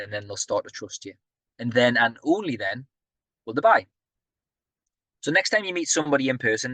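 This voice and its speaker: A man's voice: mid-range voice, fairly bright tone. A man delivering a motivational business talk in a mid-range voice. He speaks energetically and chattily, often asking the audience questions. The sound is dry and close, with little room echo.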